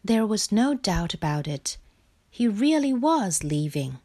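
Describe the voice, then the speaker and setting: A woman reading a children's picture book aloud, slow and expressive. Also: medium pitch. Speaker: storyteller.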